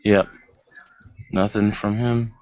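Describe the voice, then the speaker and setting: A man's voice: fairly low pitch, little pitch movement, slow pace, dry recording. A man running a tabletop game as game master, describing scenes with a wry, dry manner. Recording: dull lo-fi recording, dry.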